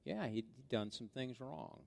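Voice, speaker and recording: A middle-aged man delivers a sermon full of personal stories in a mid-range voice. He drops to near-whispers for asides, then climbs high and loud when he gets excited. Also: unhurried, gravelly, slight background noise. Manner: storytelling, swings from hushed asides to loud excited peaks. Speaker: pastor.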